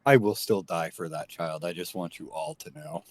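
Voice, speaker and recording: Deep-voiced wry player. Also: male voice, moderate pace, no echo. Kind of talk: casual tabletop play.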